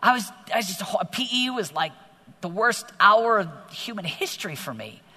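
A middle-aged man preaching to teenagers in a large hall, energetic and exhorting, often growing animated. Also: high-pitched, normal speed. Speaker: youth speaker. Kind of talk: sermon to teenagers. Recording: long hall reverb.

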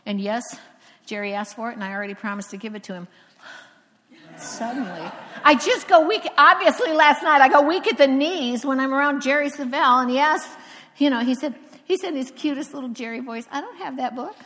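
Woman, preacher, from Florida, sermon, storytelling with emphatic pauses, long hall reverb. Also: sits high, a bit bright. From Florida, USA.

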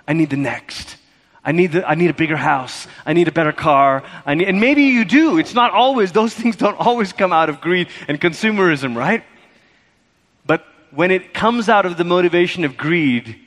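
Pastor guy preaching, high voice, lively and chatty, big echoey hall. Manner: animated, acts out quoted voices. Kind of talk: sermon.

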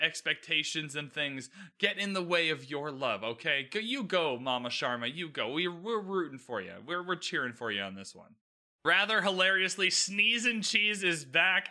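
A man hosting a podcast, recapping a TV episode in a chatty, animated way with frequent restarts. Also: fairly high pitch, clear, resonant tone. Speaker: podcast host.

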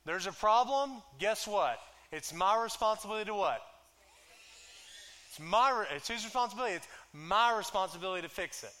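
A man preaching a sermon, conversational and joking, who slows right down when reading scripture. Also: sits high, expressive, pushed and bright. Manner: conversational and joking, drags out scripture lines slowly. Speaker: pastor.

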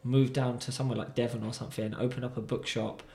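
A man's voice: medium pitch, little pitch movement, quick pace, darkish tone. A man chatting casually as a podcast co-host, telling stories animatedly with many fillers. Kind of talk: casual chat. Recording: roomy echo.

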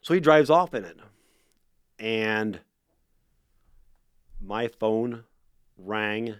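A man with a lowish voice tells a story as a podcast guest. He talks loosely and animatedly, doubling back on his words. The sound is close and dry, with no room around it. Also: extremely slow, clean tone, no room sound. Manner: animated, repeats words while telling a story. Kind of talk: casual storytelling.

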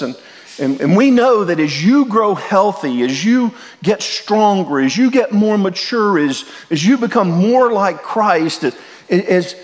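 A middle-aged man preaching a sermon as pastor, earnest and direct, often repeating and restarting his words as he speaks to the congregation. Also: fairly high pitch. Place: church sanctuary. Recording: long hall reverb.

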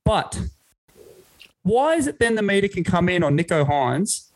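A man's voice: sits high, big pitch swings, measured pace, low-quality recording. A young Australian man co-hosting a sports podcast, ranting and joking in laid-back casual chat. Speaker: podcast co-host.

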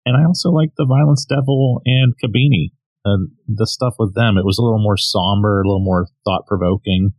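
Easygoing man with a lowish voice. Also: fairly quick, darkish tone, dry recording. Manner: easygoing, laughs along, gives short agreements. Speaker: podcast co-host. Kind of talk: casual chat about a manga chapter.

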